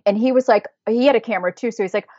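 A woman's voice: on the high side, rapid-fire, mellow, no room sound, muffled recording. An American woman chatting as a podcast guest, rambling and laughing often. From United States. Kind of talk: casual chat.

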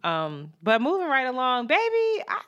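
A woman hosting a casual podcast chat, relaxed and candid, swearing freely and giving shout-outs. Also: lowish voice, moderate pace, clear, resonant tone, lo-fi sound. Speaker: podcast host.

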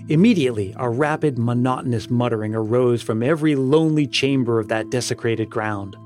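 A man narrating a gothic story in a measured, solemn way. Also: mid-range voice, a little mellow. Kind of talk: dramatic storybook reading. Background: music.

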